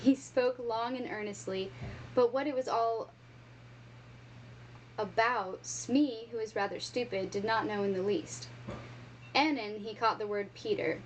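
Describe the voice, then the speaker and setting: A woman reading a children's storybook aloud with expressive, animated storytelling. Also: a little high, unhurried, long pauses, slight background noise, poor audio. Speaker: reader.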